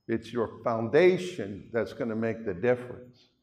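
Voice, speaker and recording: A man's voice: lowish voice, lively intonation, a little slow, darkish tone. An older man preaching a sermon to a congregation in a chatty, folksy way, with asides to the listeners. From Canada. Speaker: pastor. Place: church hall. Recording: long reverb of a hall.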